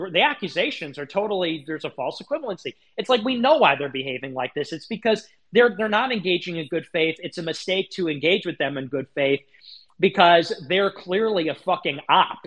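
A man's voice: fairly high pitch, a bit bright. A man hosting a livestream, delivering a heated, indignant monologue full of swearing and restarts. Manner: indignant, profane, repeats himself. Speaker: livestream host.

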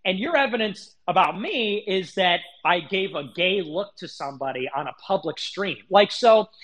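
Male streamer, fairly high-pitched, heated solo rant, swears a lot, stumbles and restarts. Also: animated, moderate pace, a bit bright. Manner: indignant, profane, repeats himself. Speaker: livestream host. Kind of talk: heated ranting monologue.

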